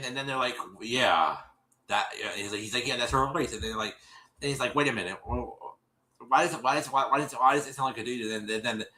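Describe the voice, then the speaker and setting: A man's voice: medium pitch, bright, forceful tone. A man hosting a show, casually recapping a reality episode, rambling with many restarts and acting out quotes.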